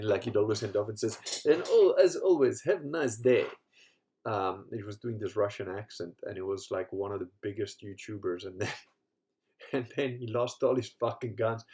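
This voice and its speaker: A man's voice: fairly low pitch, a little mellow. A man hosting a casual livestream, rambling and swearing, tired from a long day on his feet. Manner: rambling, swears, laughs often. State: tired, leg cramps. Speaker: podcast host.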